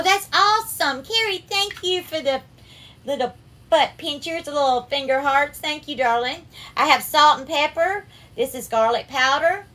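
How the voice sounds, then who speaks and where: A woman's voice: high voice, fairly bright tone. A woman with a Southern US accent hosting a casual cooking livestream, greeting viewers by name and calling them darling and sweetheart. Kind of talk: casual live-stream cooking chat.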